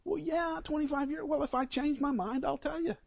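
A man voicing a middle-aged husband in a joke, answering his wife in a hushed, dismissive way. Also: very high voice, fairly even intonation, fairly quick, vocal fry, dry recording, voice pushed up. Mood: offhand smug.

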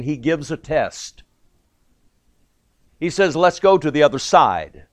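A man preaching a sermon with emphatic stresses, quiet asides and small restarts. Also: a little high, no room sound. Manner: pauses and repeats words as he goes.

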